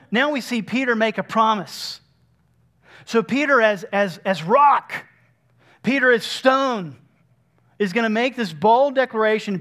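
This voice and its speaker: A man's voice: very high-pitched, a bit bright. A man preaching a sermon, explaining scripture earnestly and acting out the speakers in his own words.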